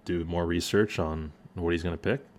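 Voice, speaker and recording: A man with a very low voice hosts a relaxed podcast among friends. He talks loosely and jokes around, with plenty of filler words. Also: moderate pace. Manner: loose and jokey, with lots of "like" fillers. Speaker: podcast host. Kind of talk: casual chat.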